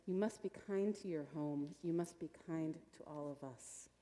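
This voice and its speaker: A woman voicing the Earth as a gentle, motherly presence, speaking softly and earnestly. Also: normal speed, natural voice. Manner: soft, earnest, low. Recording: long reverb of a church hall.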